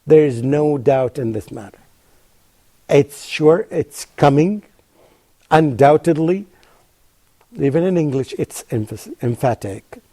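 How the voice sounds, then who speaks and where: Male TV presenter, religious lecture, emphatic with repeated phrases, fairly high but warm and mellow tone. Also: expressive. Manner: slow careful recitation of Arabic terms. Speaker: TV presenter teaching Quran reflections.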